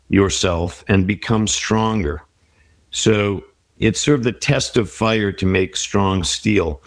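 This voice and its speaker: A man's voice: on the low side, no echo. A middle-aged man speaking as an interview guest, giving reflective, encouraging advice in a conversational way. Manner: reflective, advice-giving, with quoted inner voices.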